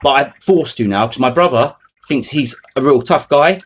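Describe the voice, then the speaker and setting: A man's voice: medium pitch, normal speed. A man, ranting to camera in a rambling, foul-mouthed, mocking way. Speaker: vlogger. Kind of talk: unscripted rant to camera.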